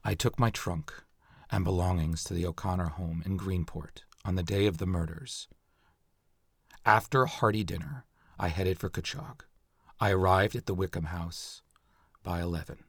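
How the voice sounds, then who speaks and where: A man reading aloud, in a quiet, subdued voice, the confession of a convicted axe murderer from the 1800s. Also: low voice, moderate pace, slightly rough, dry recording, voice pushed down. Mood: grim.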